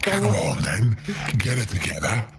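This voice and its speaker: Slow, very lively laughing man. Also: on the low side, gravelly, over music. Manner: laughing, teasing. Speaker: player. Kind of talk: casual tabletop game chat.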